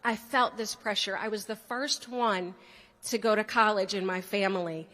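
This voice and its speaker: A woman's voice: mid-range voice, moderate pace, a bit bright, in a large hall. A woman telling a playful personal story to a student audience, often speaking to the crowd directly. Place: large hall.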